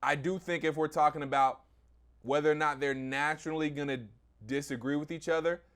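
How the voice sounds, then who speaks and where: A man's voice: a little high, steady tone, brisk, a bit bright. A man, a sports radio personality, debating sports media in a confident, emphatic, point-by-point way.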